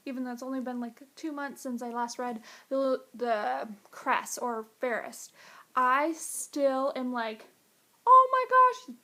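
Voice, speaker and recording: A woman reviewing a book in a casual vlog, gushing and excitable, jumping up into high squeals.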